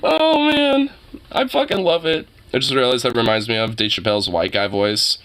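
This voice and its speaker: A man casually commenting on a video, laughing often, swearing and gushing with excitement. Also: medium pitch, normal speed, clear, resonant tone. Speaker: reaction video host.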